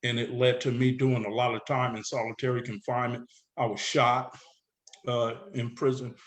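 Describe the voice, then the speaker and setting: A middle-aged man from San Diego, a guest in a casual interview, retelling his past in a rambling, animated way full of filler words. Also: medium pitch, normal speed. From San Diego, California. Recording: roomy echo.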